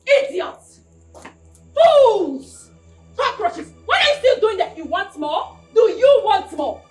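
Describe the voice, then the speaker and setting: An actress playing an arrogant young princess who hurls scornful insults, with a Nigerian accent. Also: female voice, extremely high pitch, sing-song, takes it slowly, roomy sound, faint music behind, exaggerated voice.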